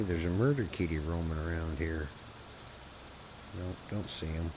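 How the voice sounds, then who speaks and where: Guy streamer, deep voice, chatty and profane, folksy rambling rants. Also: moderate pace, heavy background noise. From Canada. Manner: rambling, swears freely, folksy ranting. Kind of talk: casual chat while gaming.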